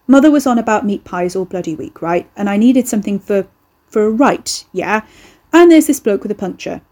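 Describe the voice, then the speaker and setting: A woman's voice: mid-range voice, expressive, brisk, a little mellow, lightly acted. A woman voicing a cocky young male eldritch horror, breezy, slangy and boastful. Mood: rambling.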